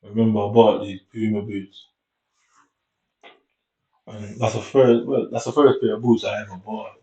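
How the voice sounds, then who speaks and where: A man's voice: lowish voice, little pitch movement, warm tone. A young man from Jamaica with a Jamaican accent, telling a long, rambling story in a casual, slangy way. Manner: rambling, slangy, loose and unhurried. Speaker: vlogger. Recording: echoey room, distant dull mic.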